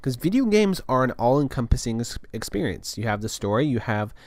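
A man's voice: mid-range voice, very animated, a little fast, a little mellow, no echo. Rambling podcast host man. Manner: rambling, filler-heavy, restarts often. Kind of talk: casual podcast monologue.

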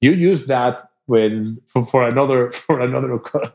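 A man with a Spanish accent, a native Spanish speaker, chatting as a podcast guest over a video call, halting and laughing as he searches for English words. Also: medium pitch, darkish tone. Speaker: guest musician. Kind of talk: casual podcast chat. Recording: dull lo-fi video call audio.

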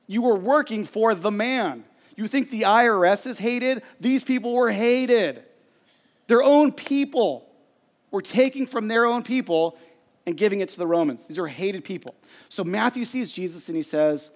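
A man gives a sermon in a conversational way, acting out quotes and stories as he goes. His voice sits high for a man. The sound carries a long reverb, as in a church hall. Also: moderate pace. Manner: animated, conversational preaching with acted-out quotes. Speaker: pastor.

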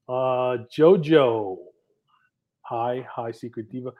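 A man's voice: medium pitch, normal speed, a little mellow. Man reading out live chat messages. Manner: upbeat, reads names with a lift. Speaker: podcast co-host.

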